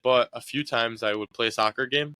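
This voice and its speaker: Talking a little fast in a smooth, sharp, medium-pitched voice with no room sound, a young man recalls his sports years as a college soccer player in a casual interview. He's easygoing and rambling, filling gaps with many fillers.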